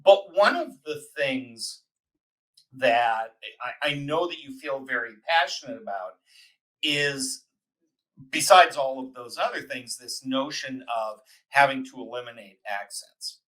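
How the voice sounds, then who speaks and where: An older man hosting an interview, chatty and quick to laugh. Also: mid-range voice, animated, pushed and bright, poor audio. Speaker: podcast host. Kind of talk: interview conversation.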